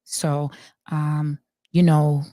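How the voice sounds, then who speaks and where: A woman doing an impression of a soft-spoken, gentle woman who greets live stream viewers slowly and hesitantly, with many ums and uhs. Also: low-pitched, flat delivery, no room sound, studio quality, pitched below the performer's own voice.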